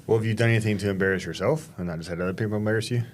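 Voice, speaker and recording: A man co-hosting a podcast, asking questions and teasing the guest. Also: fairly low pitch. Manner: teasing, quick-witted. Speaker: podcast co-host. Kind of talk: casual chat. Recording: noisy background.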